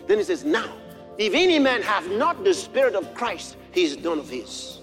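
A man preaching a sermon, moving from quiet storytelling to shouted exclamations. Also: high-pitched, very animated, normal speed, faint music behind.

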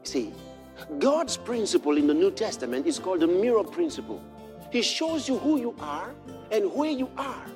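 High-voiced, animated male preacher. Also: normal speed, faint music behind. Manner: impassioned preaching that builds to shouts; storytelling with scripture readings. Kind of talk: sermon.

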